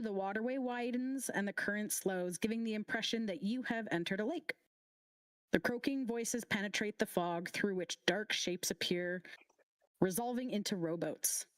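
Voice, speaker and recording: A woman running a tabletop game as game master, narrating scenes in a casual way with quick asides. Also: medium pitch, dry recording, rough recording.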